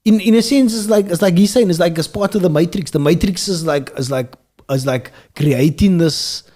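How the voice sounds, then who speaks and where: Rambling man, somewhat high voice. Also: normal speed, mellow. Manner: rambling, repeats words while thinking. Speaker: podcast co-host. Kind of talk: casual chat.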